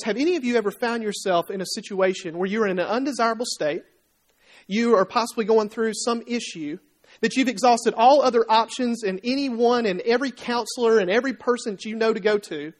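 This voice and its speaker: Guy preaching, conversational, acts out little stories and voices, keeps asking the crowd stuff. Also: high voice. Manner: animated storytelling, acting out quoted voices; conversational, asks the congregation questions. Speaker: pastor. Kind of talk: sermon.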